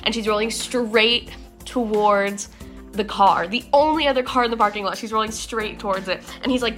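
A woman's voice: mid-range voice, fairly quick, fairly bright tone, faint music behind. A young woman hosting a casual daily devotional podcast, chatty and upbeat, often saying "like.". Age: young adult. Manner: chatty, upbeat, uses "like" a lot.

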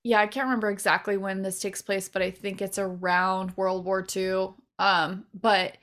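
Young adult female co-host; loose, rambling casual chat, average pitch. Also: flat delivery, moderate pace, fairly bright tone. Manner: chatty, rambling with many fillers and laughs. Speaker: podcast co-host.

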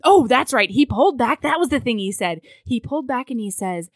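A woman's voice: on the high side, expressive, fairly quick, dry recording, clean studio sound. A woman co-hosting a podcast, casually recapping a story and acting out the characters' lines. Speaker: podcast co-host recapping a book. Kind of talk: casual chat.

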